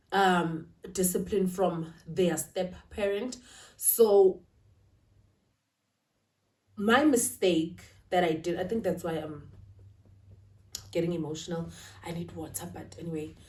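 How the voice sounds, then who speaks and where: A woman's voice: on the low side, fairly even intonation, slow pace, long pauses, darkish tone. A woman talking to camera about family life in a confiding, emotional way, often asking "right?" and speaking. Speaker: vlogger. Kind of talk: casual talk to camera. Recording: roomy, slightly distant.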